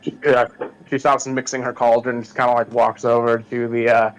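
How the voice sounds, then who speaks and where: A man narrating as game master of a tabletop game, halting with many fillers. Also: medium pitch, level tone, poor audio.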